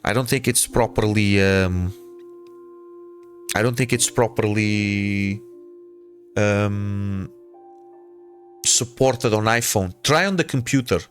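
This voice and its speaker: A man's voice: fairly low pitch, slow, pauses often, soft background music. A man with a Portuguese accent, a native Portuguese speaker, chatting casually with viewers as a game streamer, repeating himself and calling people brother.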